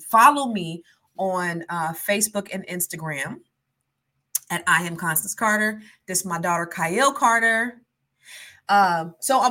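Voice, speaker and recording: A woman hosting a podcast in casual chat, a naturally fast talker who is trying to slow down, with chatty asides and frequent ums. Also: mid-range voice, sharp tone. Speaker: podcast host.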